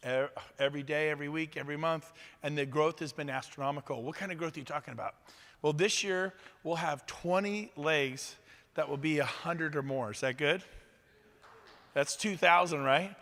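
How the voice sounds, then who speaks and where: A middle-aged man giving an energetic, upbeat motivational talk at an event and firing questions at the audience. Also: on the high side. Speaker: motivational speaker. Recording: reverberant hall.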